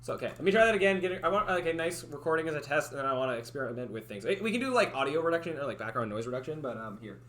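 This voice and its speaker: A man's voice: a little high, big pitch swings, rapid-fire, hardly any pauses, fairly bright tone, slight background noise. A young man chatting casually on a livestream, rambling and hesitant with many restarts and fillers, wearing headphones at a desk mic. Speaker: streamer.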